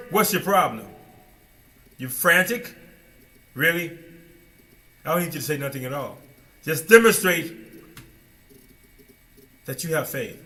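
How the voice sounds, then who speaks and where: A man delivering a sermon in a high, bright voice. He swings from loud, pressing bursts down to low, quiet asides, and keeps asking his listeners questions. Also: animated, measured pace, pauses often. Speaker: preacher.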